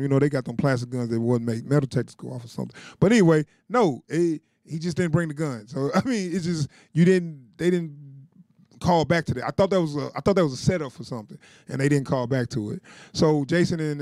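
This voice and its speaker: A man's voice: a little high, a little fast, mellow, dry recording, clean studio sound. Chatty man recapping a TV episode. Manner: loose and chatty, with frequent chuckles and filler words. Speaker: TV show reviewer.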